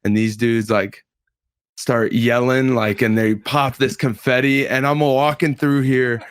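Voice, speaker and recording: A man's voice: mid-range voice, flat delivery, unhurried, smooth, no room sound. A man in his twenties, a pro fighter, telling a story in casual chat on a podcast, laid-back and full of slang and filler words.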